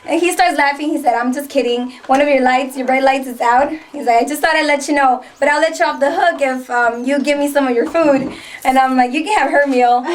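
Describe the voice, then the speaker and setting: A woman co-hosting a radio show, telling a story in a lively, casual way. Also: sits high. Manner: lively, cheering, quick to laugh. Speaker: radio co-host. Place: internet radio studio.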